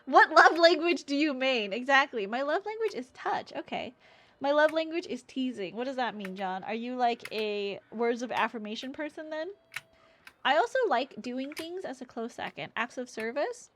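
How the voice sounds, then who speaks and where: A woman's voice: high-pitched, lively intonation, moderate pace, fairly bright tone. A woman streaming a game, chatting casually and giggly while reading chat aloud. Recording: audible background noise and keyboard clicks.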